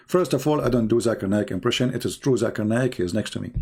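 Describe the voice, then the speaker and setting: A man's voice: mid-range voice, quick pace, few pauses, a little mellow, slightly rough. A man hosting a live-stream debate, talking in a mocking way and firing off rhetorical questions.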